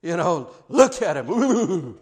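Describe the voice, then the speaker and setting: Man doing a scornful aloof God, squeamish, mocking, drawn-out groans, higher-pitched. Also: very animated, darkish tone, heavily acted. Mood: sneering. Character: disdainful aloof God sneering at humans. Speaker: pastor.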